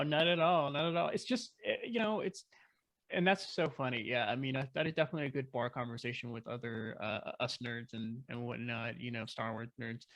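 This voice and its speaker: Bright-voiced man telling a story excitedly. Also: mid-range voice, no room sound. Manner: excited, rambling with many fillers and restarts. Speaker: guest filmmaker. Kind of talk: casual storytelling.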